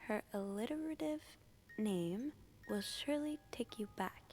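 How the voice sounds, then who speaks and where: Whispering nosy young chambermaid. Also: female voice, fairly high pitch, expressive, unhurried, slight background noise. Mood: wry. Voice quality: hushed, breathy whisper.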